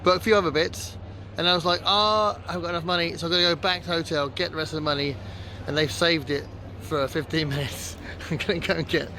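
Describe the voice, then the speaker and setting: A man's voice: on the high side, steady tone, fast talker, hardly any pauses, sharp tone. Casual male travel vlogger, talks to a handheld camera, rambles a little, outdoor noise behind. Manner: chatty and rambling, many fillers. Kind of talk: casual vlog narration to camera. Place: outdoors, sightseeing on foot and by water.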